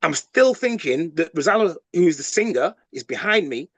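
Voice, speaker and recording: A man, a podcast guest, telling a story with animated delivery, quick repeats and acted-out quotes. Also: a little high, no room sound. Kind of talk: storytelling interview.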